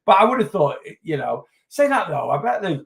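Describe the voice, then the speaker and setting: A man's voice: high-pitched, very animated, fairly quick, creaky, a bit bright. A man, a weight loss coach chatting casually on a livestream, rambling and answering viewer comments as he goes. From North West England.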